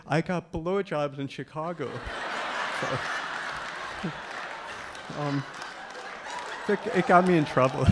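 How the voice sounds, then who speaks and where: A man with a slightly higher voice tells a personal story with humor. He acts out the dialogue of the people in it and laughs easily along the way. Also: background noise. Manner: laughs often. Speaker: speaker telling his story. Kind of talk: storytelling talk.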